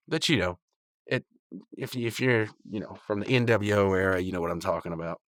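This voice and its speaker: A man's voice: deep voice, fast, fairly bright tone, dry recording, clean studio sound. A man hosting a podcast, recapping a cartoon episode in a rambling, chatty way full of restarts. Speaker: podcast host.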